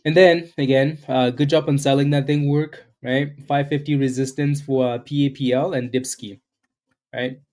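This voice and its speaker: This day-trading livestream host speaks at a normal speed in a steady, darkish, medium-pitched voice. Greeting his viewers as he goes, he keeps the market commentary loose and conversational, often closing lines with "right?"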